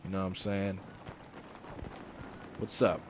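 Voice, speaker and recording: A man giving casual gameplay commentary, joking and trash talking, swinging between shouts and mutters. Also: low voice, little pitch movement, takes it slowly, a little hiss or hum. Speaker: gaming commentator. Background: game gunfire and explosions.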